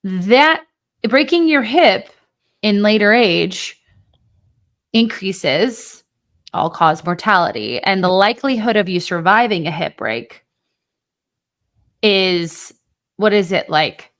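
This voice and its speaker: A woman's voice: medium pitch, animated, slow, long pauses, a bit bright. Chatty, emphatic woman podcast host. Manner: chatty, emphatic, swears casually. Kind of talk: casual podcast chat.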